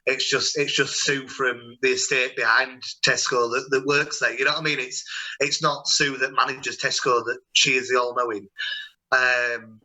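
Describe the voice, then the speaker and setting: Young male host, bright tense tone, rambling conversational storyteller. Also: mid-range voice, fairly even intonation, moderate pace, low-quality recording. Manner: chatty, rambling, warm storytelling with many restarts. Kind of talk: casual video-call chat.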